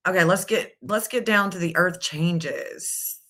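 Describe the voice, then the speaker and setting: A woman's voice: fairly low pitch, unhurried, fairly bright tone. A middle-aged woman hosting a casual live stream, thinking aloud and reading out searches as she goes. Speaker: live stream astrology reader.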